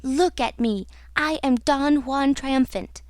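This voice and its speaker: A woman's voice: fairly high pitch, normal speed, no echo, close to an everyday voice. Woman reading as a raging tormented masked man. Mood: roaring. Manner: roaring and hissing.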